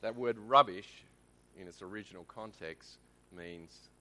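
A man's voice: fairly low pitch, a little slow, bright, forceful tone. An Australian man giving a conversational Bible teaching in church, often checking in with the congregation. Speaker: lay preacher.

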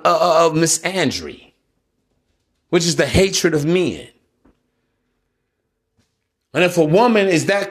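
High-voiced man ranting in street slang. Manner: profane, preachy, street-slang rant addressed to listeners. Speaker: podcast host. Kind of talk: solo podcast monologue.

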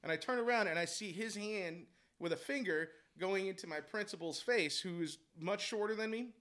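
A man telling a heated story about coaching basketball, animated and profane, laughing as he goes. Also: sits high, normal speed. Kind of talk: casual storytelling chat.

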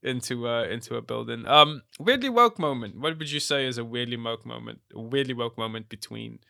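Bright, dry-voiced podcast host man. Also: medium pitch, expressive, fairly quick, vocal fry, dry recording. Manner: wry, laughing, hesitant with ums. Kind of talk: casual film review chat.

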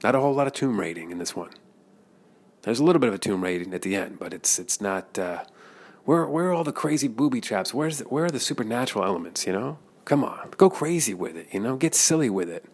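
A man's voice: medium pitch, expressive, fast, breathy edge. A man hosting a podcast, chatting casually about movies in a restaurant, rambling and repeating words. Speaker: podcast host.

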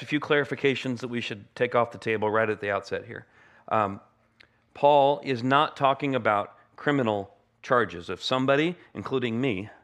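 A man's voice: mid-range voice, a bit bright. An American man, a pastor, praying earnestly and then preaching a sermon in a conversational way with humorous asides. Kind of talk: sermon with opening prayer.

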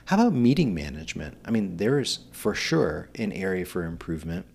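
Middle-aged male podcast host, slightly low voice, earnest encouraging delivery. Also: very animated, a little fast, creaky, a little mellow, husky. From Pennsylvania. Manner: earnest, encouraging, rhetorical questions. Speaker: podcast host, nonprofit executive director. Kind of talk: solo podcast monologue.

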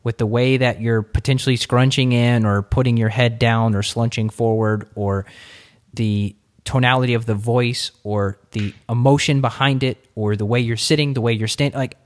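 A man hosting an interview podcast, telling stories in a lively, expressive way. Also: medium pitch, moderate pace. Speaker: podcast host. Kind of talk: casual interview chat.

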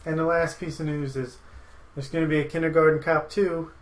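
A man's voice: a little high, little pitch movement, fairly quick, a little hiss or hum, poor audio. A man hosting a movie podcast, chatting casually and rambling through his opinions with frequent laughs. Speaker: podcast host.

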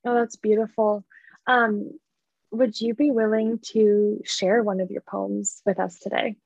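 A woman host talks slowly and haltingly, her voice gravelly. Her praise gushes warmly. The audio is dry and dull, with a lo-fi sound. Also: mid-range voice, flat delivery, no room sound. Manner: warm, gushing, slow and halting. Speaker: podcast host. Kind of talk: interview conversation.

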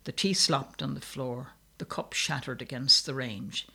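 Gravelly male storybook narrator. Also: medium pitch, unhurried, pushed and bright. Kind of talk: audiobook story reading.

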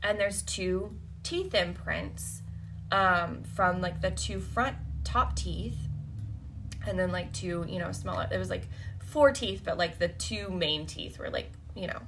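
A woman's voice: fairly low pitch, unhurried, vocal fry, noisy background. A woman hosting a podcast, telling a personal story in a blunt, profane way and laughing often. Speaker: podcast host. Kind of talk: candid storytelling monologue.

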